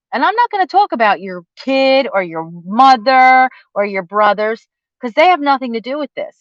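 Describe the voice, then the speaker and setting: A woman's voice: medium pitch, dry recording. A woman vlogger delivering an angry, profane, confrontational rant straight at her target, mocking and accusatory. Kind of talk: angry direct-to-camera rant. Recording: dull lo-fi dry audio.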